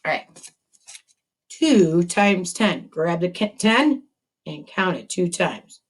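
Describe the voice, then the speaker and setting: A woman's voice: fairly low pitch, big pitch swings, takes it slowly, pauses often. A woman teaching a math lesson to second graders, upbeat and encouraging, chatting with a puppet as she goes. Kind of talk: video math lesson for children.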